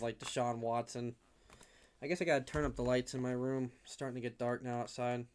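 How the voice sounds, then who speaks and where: A man's voice: mid-range voice, slight background noise. A young man giving casual fan play-by-play on a livestream from his room at home, rambling and prone to getting worked up. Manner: rambling, gets worked up and shouts at big hits.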